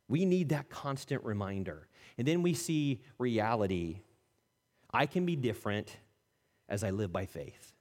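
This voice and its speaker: A man preaching a sermon as a pastor, animated, acting out the people he quotes and dropping to soft, intimate tones. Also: lowish voice, measured pace. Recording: long reverb of a church hall.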